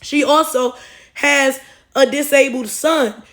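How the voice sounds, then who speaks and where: A woman's voice: high voice, fairly even intonation, takes it slowly, fairly bright tone. A woman telling a story in a casual rant, blunt and heavily profane, often checking in with tag questions. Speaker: storytelling vlogger.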